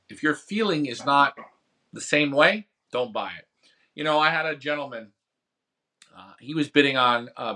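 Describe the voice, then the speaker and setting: With a mid-range voice that sounds pushed and bright, the man hosting the pigeon racing show chats casually on his live stream. He replies to viewer comments and wanders through an auction story, acting out the bids made by phone.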